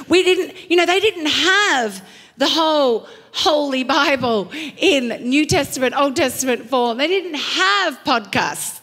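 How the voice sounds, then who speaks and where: A middle-aged woman pastor preaching a sermon, telling stories with lively acted quotes and emphatic repetition. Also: high voice. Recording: long hall reverb.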